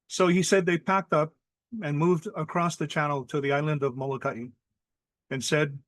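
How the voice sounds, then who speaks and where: A man from Hawaii telling a ghost story over a video call in a measured, vivid way. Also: a little high, fairly even intonation, fairly bright tone, no echo. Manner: measured, vivid, acts out quoted people.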